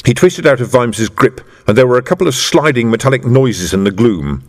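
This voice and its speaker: Male audiobook narrator with lively intonation. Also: medium pitch. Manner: measured storytelling with lively intonation. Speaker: audiobook reader. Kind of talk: scripted narration. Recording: reverberant room.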